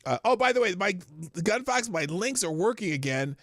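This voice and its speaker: Lively, bright-voiced man hosting a livestream. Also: high-pitched, normal speed, no room sound, clean studio sound. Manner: rambling, laughs often, greets chat viewers by name. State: lingering cough. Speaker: livestream host. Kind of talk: casual livestream chat.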